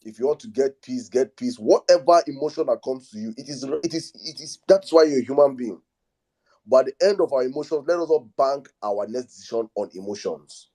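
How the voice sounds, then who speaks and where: A man hosting a live online discussion, calming speakers and repeating himself for emphasis. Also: mid-range voice, fairly quick. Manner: soothing, repeats calming phrases. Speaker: host. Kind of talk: live audio space discussion.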